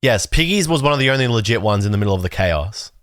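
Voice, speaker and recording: A man runs his livestream in a loose, rambling chat, getting excitable and swearing freely. His pitch swings widely from line to line. The sound is dry and close, with no room around it. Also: quick pace, no room sound, faint music behind. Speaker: livestream host. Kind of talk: casual chat reacting to chat.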